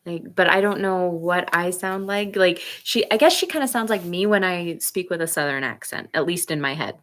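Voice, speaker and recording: A woman's voice: on the low side, normal speed, fairly bright tone. A woman author hosting a casual live chat, talking in a hesitant, self-conscious way with many fillers.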